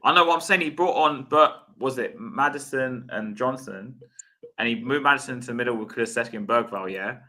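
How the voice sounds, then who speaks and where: A man's voice: mid-range voice, a little fast, pushed and bright. A man co-hosting a football fan stream, puzzled and critical as he questions the manager's decisions. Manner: questioning, baffled by the manager's choices.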